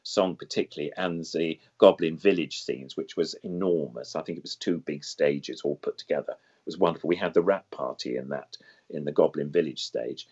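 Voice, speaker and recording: A man's voice: a bass voice, moderate pace, darkish tone, husky. An older man, a guest puppeteer, reminiscing in an interview, enthusiastic and full of superlatives, wandering off on side paths and back. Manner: digressive, loses then regains the thread. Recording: dull lo-fi sound.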